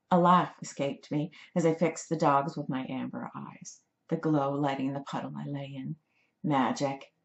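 A woman reading her own story aloud in a measured, dramatic storytelling manner. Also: low-pitched, echoey room, dull audio. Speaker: author reading her book. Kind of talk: audiobook narration.

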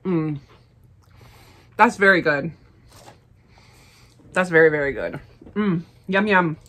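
A woman chatting casually as she unboxes and tastes snacks, upbeat and quick to laugh. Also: lowish voice, fairly bright tone. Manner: chatty, enthusiastic, frequent laughs. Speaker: snack reviewer. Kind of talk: casual unboxing and tasting vlog.

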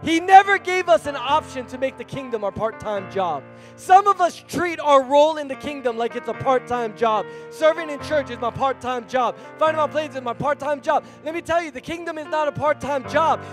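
A male pastor preaching a sermon in a church, animated and conversational, calling out to the congregation. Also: extremely high pitch, a little fast, faint music behind.

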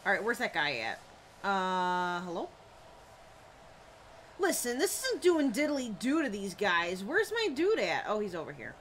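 A woman's voice: medium pitch, huge pitch swings, measured pace, a bit bright. A woman streamer commenting live on a horror game, flustered, exclaiming and swearing often. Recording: live stream audio with background noise.

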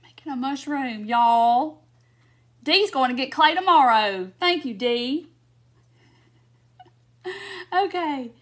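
A woman's voice: high-pitched, expressive, takes it slowly, long pauses, a bit bright. A woman hosts a casual craft livestream, giggling often as she chats to viewers. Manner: giggly, laughing often while chatting to viewers. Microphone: phone or webcam on a live stream.

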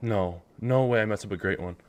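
A man commentating a hunting game as he plays, nervous and excitable, swearing and swinging between hushed muttering and loud outbursts. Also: lowish voice, a little fast. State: nervous, shaking. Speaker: gamer playing a hunting game. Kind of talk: live gameplay commentary.

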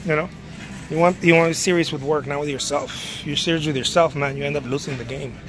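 A man's voice: fairly high pitch, steady tone, fast talker. A man, a painter who runs an art studio, chatting casually to viewers in a rambling, laid-back way, tossing in swears and calling them man and dude. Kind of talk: casual live video chat. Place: grocery store.

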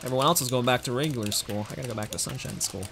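A man's voice: medium pitch, racing, vocal fry, noisy background. A young man speedrunning a game on a live stream, chatting casually and making self-deprecating jokes to his viewers.

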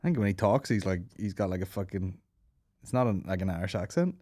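A man's voice: deep voice, lively intonation, fast talker, warm tone, no room sound, clean studio sound. A man hosting a comedy podcast, rambling through crude, swearing banter with jokes and asides.

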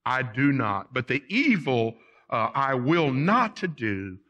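A male pastor preaching a Sunday sermon in a church, plain-spoken and folksy, swinging from loud emphasis to quiet asides. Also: medium pitch, big pitch swings, takes it slowly, highs cut off. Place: church sanctuary.

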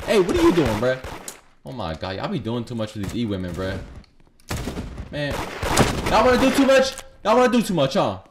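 A young man giving loud, profane, rapid-fire commentary over Roblox gameplay, trash-talking other players. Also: medium pitch, huge pitch swings. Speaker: gaming YouTuber. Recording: noisy gameplay with gunfire behind.

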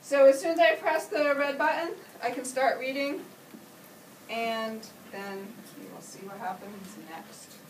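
A woman's voice: fairly high pitch, measured pace. A woman teacher walking a class of children through an app, step by step, in an upbeat, explaining way. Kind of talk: classroom demonstration. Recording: echoey classroom, camera far off, noisy.

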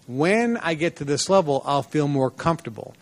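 Animated male seminar speaker, slightly higher voice. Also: normal speed. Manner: animated storyteller, acts out dialogue in a lively voice. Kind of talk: seminar lecture with personal stories. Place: seminar room before a live audience.

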